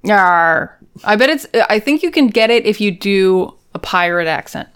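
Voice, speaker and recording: A woman's voice: mid-range voice, animated, normal speed, clear, resonant tone. A woman co-hosting a casual podcast chat, recapping an episode with jokes and acted-out lines. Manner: playful, jokey, acts out characters' lines.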